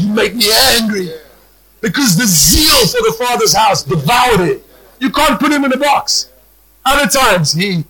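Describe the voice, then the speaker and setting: A man delivers a sermon in a high, bright voice. He talks in animated bursts and often restarts his sentences. At times he rises to shouts. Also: slightly rough, poor audio. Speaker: preacher.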